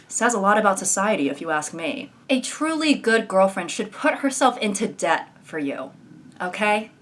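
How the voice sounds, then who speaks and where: A woman's voice: medium pitch, big pitch swings, moderate pace, fairly bright tone. Sarcastic young woman doing comedy commentary. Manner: sarcastic, mocking, breaks into exaggerated voices. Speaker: commentary YouTuber. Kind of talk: comedic commentary reading social media posts.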